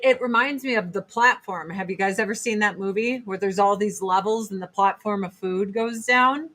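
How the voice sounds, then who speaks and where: A woman's voice: a little high, bright, forceful tone. Female host, 40s, blunt and rambling, swears freely, casual chat stream voice.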